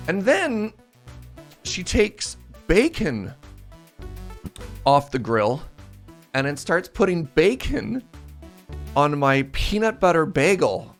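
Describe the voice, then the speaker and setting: Man, game streamer, casual chat, animated self-mocking storytelling, faint background music. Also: fairly high pitch, takes it slowly, pauses often.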